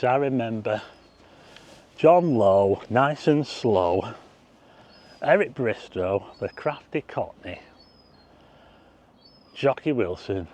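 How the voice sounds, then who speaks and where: Strolling through town streets, a middle-aged man offers rambling, talkative tour commentary with asides for his viewers. He has a mellow, medium-pitched voice, captured in a slightly dull street recording with a bit of background noise.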